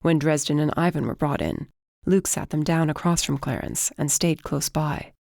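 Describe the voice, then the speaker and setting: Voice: mid-range voice, normal speed, creaky, a little mellow, no echo. Dry, close audiobook narration. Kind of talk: first-person audiobook narration.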